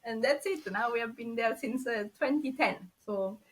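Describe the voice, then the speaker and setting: A woman with a strong Italian accent talks casually as a podcast guest. Her pitch sits a little high, and she chats freely with frequent laughs. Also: normal speed. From Italy. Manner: chatty and warm, laughs often. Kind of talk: casual interview chat.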